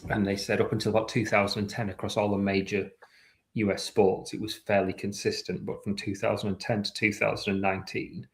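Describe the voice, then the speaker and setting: A man, co-hosting a sports podcast with a dry, measured delivery. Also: lowish voice, flat delivery. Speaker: podcast co-host. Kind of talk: casual chat.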